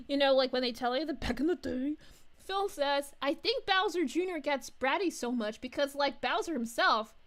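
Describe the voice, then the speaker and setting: Woman playing a giggly young princess, high voice, unhurried, streamer reading chat. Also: a bit bright, full character voice. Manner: giggly, gushing, reads chat aloud. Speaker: VTuber streamer.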